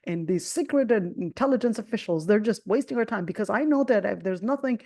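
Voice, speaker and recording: A woman with an American accent teaching a religious lesson in a conversational way, often saying "of course" and growing animated as she tells a personal story. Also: medium pitch, fairly quick, no echo, studio quality. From Jordan. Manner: conversational, many "of course" fillers; animated when retelling the story. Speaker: Quran teacher.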